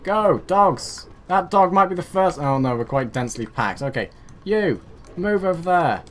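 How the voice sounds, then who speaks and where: Chatty man with a lively voice. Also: fairly high pitch, normal speed. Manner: chatty, self-mocking, ordering units about aloud. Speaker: gaming YouTuber. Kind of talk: casual let's play commentary.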